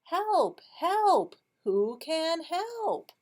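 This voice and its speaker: A woman doing a high, pleading stuck duck. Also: sing-song, extremely slow, slight background noise, exaggerated voice. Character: small stuck duck crying for help.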